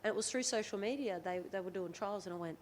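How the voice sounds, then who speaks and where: This Australian woman in her thirties plays rugby league and is guesting on a podcast, speaking at a quick pace with a medium pitch. Her storytelling is candid and animated, full of quoted dialogue, and there's slight background noise.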